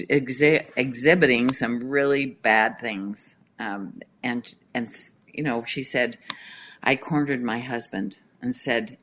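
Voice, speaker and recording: A middle-aged woman, a guest author, chatting casually and telling lively stories, sometimes reading from her book. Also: extremely low pitch, a little hiss or hum. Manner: animated storyteller, reads aloud from her book. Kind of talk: casual chat.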